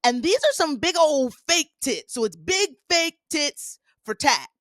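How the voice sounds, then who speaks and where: A sassy woman host dishing on reality TV in a lively, bouncing voice that sits a little high. She talks close to a dry mic, with no room sound. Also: unhurried, dry recording. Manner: sassy, animated, acts out quotes in put-on voices. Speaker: podcast host recapping reality TV. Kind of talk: casual gossipy recap.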